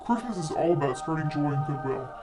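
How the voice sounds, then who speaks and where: A synthetic male voice playing a jolly old Santa Claus who talks in a kindly, patient, gently lecturing way. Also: a little high, expressive, fast, close to an everyday voice.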